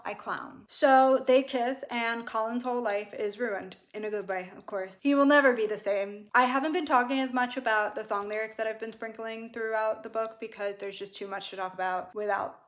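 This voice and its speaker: Gushing chatty woman vlogger. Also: medium pitch. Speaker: book vlogger. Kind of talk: casual chat.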